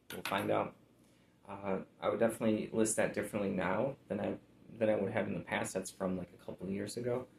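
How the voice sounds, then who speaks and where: A man's voice: fairly low pitch, fairly even intonation, quick pace, creaky, reverberant, a little hiss or hum, low-quality recording. A man chatting casually about items he has sold, laid-back and rambling with lots of fillers. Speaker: reseller showing sold items. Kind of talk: casual chat.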